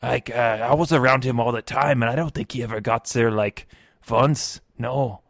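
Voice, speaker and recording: A man improvising as a historical figure's assistant on a comedy podcast, telling a rambling, halting story full of fillers. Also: medium pitch, fairly even intonation, gravelly, no room sound, clean studio sound. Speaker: improv guest playing Beethoven's assistant.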